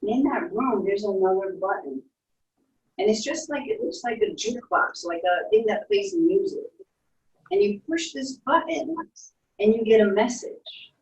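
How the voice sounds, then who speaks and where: A woman's voice: fairly high pitch, lively intonation, normal speed, muffled recording. Echoey woman telling a guided story. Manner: soft storytelling, playful sound effects. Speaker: instructor leading a guided visualization. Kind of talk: guided imagination story for children. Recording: echoey room, distant from mic.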